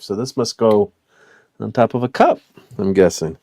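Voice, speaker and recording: Middle-aged male toy collector, slightly low voice, loose rambling delivery full of "uh"s and chuckles; portable mic. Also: normal speed, creaky, a little mellow. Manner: rambling, many fillers, chuckling. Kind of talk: casual unboxing chat.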